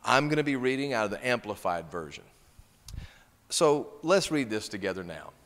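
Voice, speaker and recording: A man's voice: mid-range voice, fairly bright tone. A male pastor preaching a sermon, reading scripture and stressing key words with emphasis. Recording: long hall reverb.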